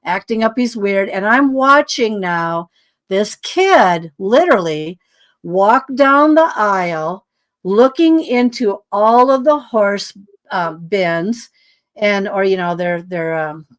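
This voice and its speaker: A woman's voice: medium pitch, animated, takes it slowly. A woman guest telling a story in casual conversation, acting out dialogue with lots of fillers and sounding tired. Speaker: podcast guest.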